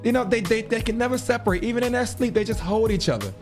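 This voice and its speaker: A man's voice: very high-pitched, fast, a little mellow, soft background music. A man hosting a show, talking in a casual, rambling monologue that repeats words and breaks into laughs. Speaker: podcast host.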